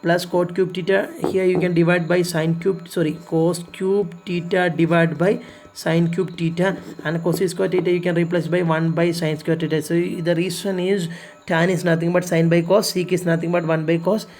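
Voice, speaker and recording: A man's voice: high-pitched, level tone, normal speed, a little mellow, soft background music. A man teaching a recorded math lesson, explaining patiently step by step, repeating himself and pleading with students to practise.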